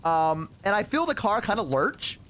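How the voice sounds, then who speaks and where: A male streamer with a slightly high voice tells a rambling personal anecdote. His pitch swings widely, and he drops in casual swearing and filler words as he goes. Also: normal speed. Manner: animated, profane, rambling with fillers. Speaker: VTuber streamer.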